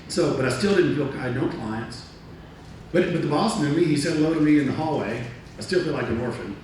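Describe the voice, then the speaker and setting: A man giving a talk, telling a story from his career in a lively way, acting out other people's lines and laughing at himself. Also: fairly high pitch, fairly quick. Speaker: motivational speaker. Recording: echoey room, distant mic, faint noise.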